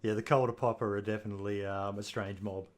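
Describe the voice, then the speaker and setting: A man's voice: fairly low pitch, flat delivery, fast. A man hosting a podcast interview, with short replies and viewer questions read out. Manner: brief, reads out viewer questions. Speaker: podcast host. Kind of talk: casual interview.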